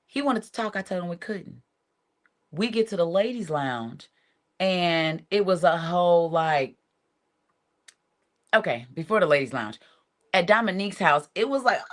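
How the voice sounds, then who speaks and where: Animated woman telling a story. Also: lowish voice. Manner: animated, acts out quotes of others. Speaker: reality show cast member, guest. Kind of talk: casual storytelling in an interview.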